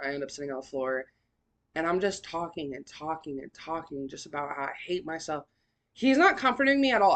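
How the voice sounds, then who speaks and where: A woman's voice: deep voice, fairly bright tone. Young woman, podcast host, swearing and slangy as she recounts a personal story, raw and emotional.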